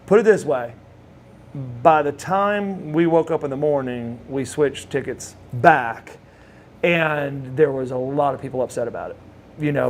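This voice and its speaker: Rambling anecdotes come from a middle-aged former wrestler with a Southern US accent, speaking at medium pitch over slight background noise. It's a casual interview, and he restarts phrases and laughs every so often.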